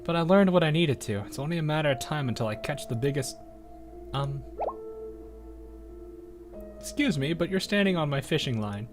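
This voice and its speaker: A man voicing a cranky male village fisherman in a game, complaining in a gruff, put-upon way. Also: fairly high pitch, lively intonation, normal speed, pauses often, music in the background, lightly acted. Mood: grumbling.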